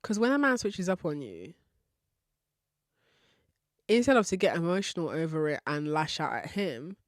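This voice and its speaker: A woman's voice: sits low, dry recording, studio quality. A woman hosting a podcast, giving frank relationship advice in a candid style, swearing casually and laughing often. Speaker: podcast host.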